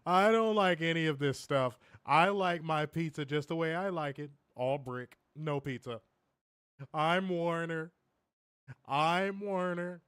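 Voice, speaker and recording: A man putting on a slow, drawn-out, sneering voice to play a stubborn, whiny grown man as a mocking caricature. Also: a little high, fairly bright tone, smooth, no room sound, studio quality, pitched above the performer's own voice.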